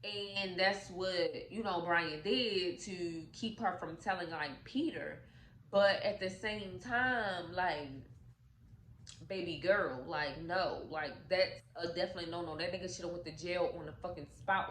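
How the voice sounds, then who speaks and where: A woman casually retelling a movie's plot to her viewers, talking in AAVE with animated, profane asides. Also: lowish voice, a little slow, roomy sound, slight background noise, rough recording. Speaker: YouTube storyteller.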